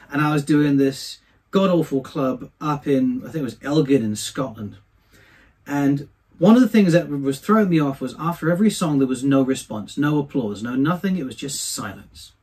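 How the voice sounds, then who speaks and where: A man, a singer, being interviewed and telling anecdotes from his career in a chatty, animated way. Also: a little high, slightly rough. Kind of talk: casual storytelling.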